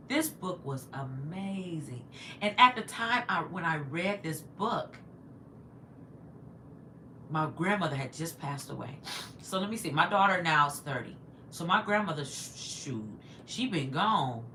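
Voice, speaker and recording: A woman's voice: deep voice, animated, measured pace, bright, forceful tone, a little hiss or hum. A woman in her fifties telling a long personal story on a livestream, chatty and digressive, stopping to answer viewer comments. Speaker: livestream host.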